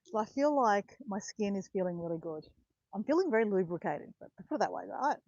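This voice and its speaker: A woman's voice: medium pitch, lively intonation, fairly quick, a little mellow, dry recording, dull audio. A woman of around fifty chatting casually while walking outdoors, rambling and correcting herself as she goes. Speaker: vlogger. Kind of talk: casual walking vlog chat. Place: outdoors in botanical gardens, walking.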